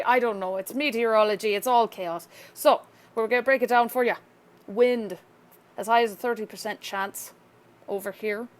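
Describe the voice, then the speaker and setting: A woman in a relaxed weather update, talking her way through forecast maps. Her voice sits in a middle pitch, and she makes loose, chatty asides and corrects herself as she goes. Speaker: weather vlogger. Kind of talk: casual severe weather briefing.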